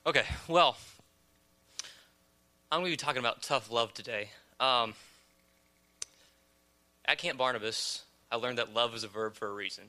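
A man's voice: medium pitch, moderate pace, long pauses, pushed and bright. A man giving a prepared, friendly talk about camp to a church audience, with filler "um"s. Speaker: speaker sharing a camp testimony.

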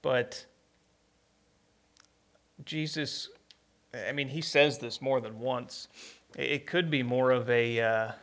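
A man preaching a conversational sermon, plainspoken and unhurried, with many pauses and restarts. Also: medium pitch, fairly bright tone.

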